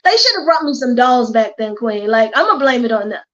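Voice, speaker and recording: High-voiced animated Baltimore woman. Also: brisk, highs cut off. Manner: animated storyteller, quotes herself and others. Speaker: guest, hair stylist. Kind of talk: casual chat.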